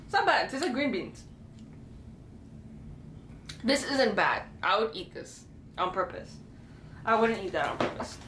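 A young woman with an animated, slightly high voice, chatting bluntly and laughing at herself. Her voice rings in an echoey room over a faint hum. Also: a little slow, long pauses. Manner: laughing, self-deprecating, blunt. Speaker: vlogger. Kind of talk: casual chat.

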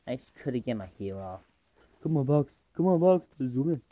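A man casually commentating his own game match, rambling between calls and excitable in fights. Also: mid-range voice, normal speed. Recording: dull lo-fi recording.

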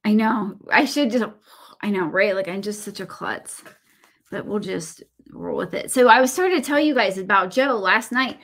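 In her thirties and speaking with a Southern American accent, this woman hosts a laid-back craft livestream. Her mid-range voice is slightly bright and moves at a normal speed as she wanders through stories packed with fillers and self-deprecating jokes.

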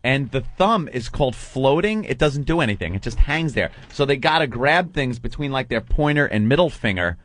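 A man hosting a radio show, telling animated stories in casual banter and mimicking people as he goes, from a studio microphone. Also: medium pitch, normal speed, hardly any pauses, no echo. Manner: animated storyteller, mimics people mid-story.

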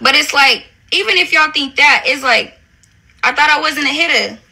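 High, bright, furious ranting woman. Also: normal speed. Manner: profane, confrontational, repeats "bitch" constantly. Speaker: reality TV personality on a livestream. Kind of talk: angry ranting livestream.

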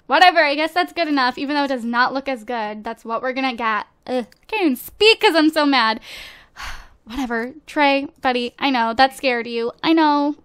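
A woman's voice: sits high, normal speed, fairly bright tone, clean tone. A woman giving casual, chatty gameplay commentary straight to her viewers, recorded on a desktop USB microphone at home. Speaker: let's play host.

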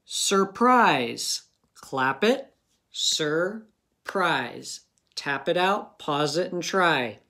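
A man's voice: fairly high pitch, lively intonation, slow pace, few pauses, bright, forceful tone. A man teaching a phonics lesson to young children in a patient, encouraging manner.

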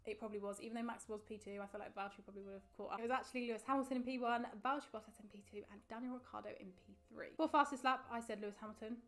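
A young woman talks through a race in a rapid, gushing stream. Her voice sits a little high. She is chatty and excitable, reviewing the event for her vlog audience. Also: faint music behind. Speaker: motorsport vlogger. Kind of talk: casual race review monologue.

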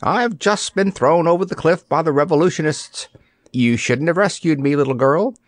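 A man's voice: fairly high pitch, moderate pace, no room sound, clean studio sound, voice pushed up, close to an everyday voice. A man voicing a complacent male stunt dummy who talks in a breezy, wheezing, self-satisfied way. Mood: brusque.

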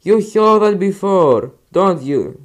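A young man with a Greek accent commentates his gameplay in a higher, very lively voice that leaps between low mutters and loud outbursts. He talks at an unhurried, drawn-out pace, sounding frustrated throughout. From Greece. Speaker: gaming YouTuber.

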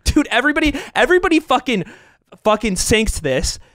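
A young man co-hosting a podcast, telling a long story in animated casual chat, swearing and laughing as he goes. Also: extremely high pitch, a little fast, no echo, studio quality. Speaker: podcast co-host.

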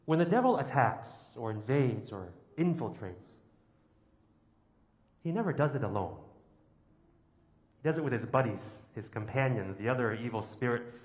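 A man's voice: medium pitch, expressive, moderate pace, long pauses. Emphatic male priest in an echoey church. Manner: emphatic, with rhetorical questions and lists. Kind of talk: homily.

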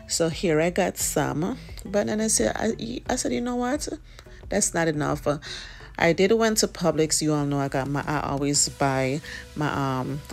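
A woman's voice: sits low, vocal fry. A Jamaican woman chatting casually in a vlog while doing her children's hair, rambling and tending to speed up. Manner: chatty, rambling, tends to talk fast.

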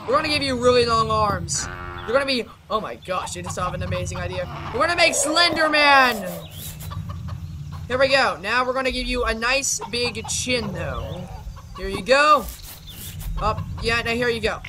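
A woman gaming YouTuber doing let's play commentary, excitable and chatty, talking to the creatures in the game. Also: on the high side, moderate pace. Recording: game clucking and rooster noise behind.

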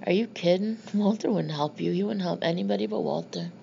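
A woman's voice: on the low side, fairly quick, gravelly, warm tone, highs cut off, a little hiss or hum. A woman voicing a cocky streetwise older brother. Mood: teasing. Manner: blunt, slangy, teasing.

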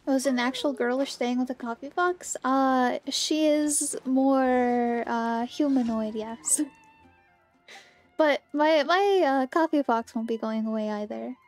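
A woman streaming a game and chatting casually with her viewers, bubbly and greeting them by name, with a slightly hoarse morning voice. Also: high-pitched, slow, a little mellow, soft background music. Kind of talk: casual livestream chat.

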